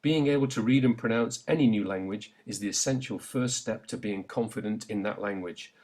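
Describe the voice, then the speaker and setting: A man's voice: fairly low pitch, a little fast, darkish tone. A man narrating a beginner's language lesson, carefully enunciating and prompting the listener to repeat after him. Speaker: language teacher.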